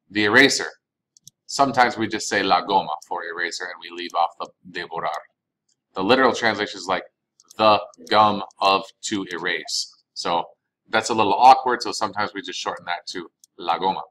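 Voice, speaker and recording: A man's voice: fairly low pitch, normal speed, sharp tone, poor audio. A man, recording a Spanish vocabulary lesson as the teacher, patiently saying each word and repeating it for practice.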